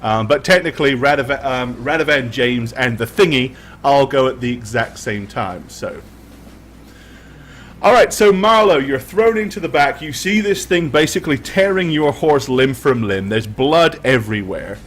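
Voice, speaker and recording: A young man running a tabletop game as game master, narrating in vivid, drawn-out descriptions with frequent ums. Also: mid-range voice, expressive.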